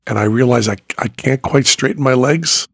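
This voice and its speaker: An older man hosting a podcast, telling a story in a lively way, dropping quiet and then rising almost to shouting. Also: medium pitch, moderate pace, vocal fry, dry recording, clean studio sound. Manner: animated, swings from quiet to near-shouting when acting out panic. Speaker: podcast host, magician and comedian.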